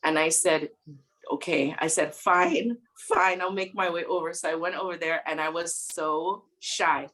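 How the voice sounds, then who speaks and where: A woman guest in a casual interview, retelling a story in an animated, dramatic way and laughing often. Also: on the low side, unhurried.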